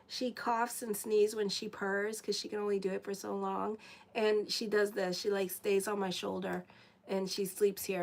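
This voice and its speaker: A woman with a somewhat high voice gives a casual live tarot reading. She talks loosely and conversationally, drifting into asides to her audience and her cat before returning to the cards. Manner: chatty, breaks off into asides to viewers and her cat. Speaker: astrologer and tarot reader.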